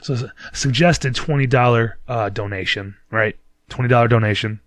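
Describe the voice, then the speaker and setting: A man's voice: medium pitch, normal speed, a faint crowd, a little hiss or hum. A man hosting a podcast, telling a rambling, profane story in casual chat and laughing at himself. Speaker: podcast host.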